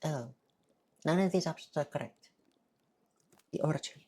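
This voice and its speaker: Low husky lady streaming a game, chatty, munching between lines. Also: measured pace, warm tone. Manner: chatty, talks while eating. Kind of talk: casual let's-play chat.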